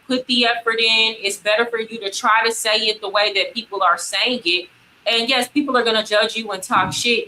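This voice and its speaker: Bright-voiced woman giving emphatic advice. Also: fairly high pitch, slight background noise, rough recording. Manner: emphatic, advising. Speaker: podcast guest. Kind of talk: casual panel discussion.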